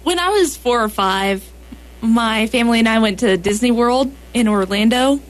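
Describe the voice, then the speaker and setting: A woman co-hosting a radio show, telling a childhood story in a lively way. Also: fairly high pitch, moderate pace. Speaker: radio co-host. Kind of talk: casual radio chat.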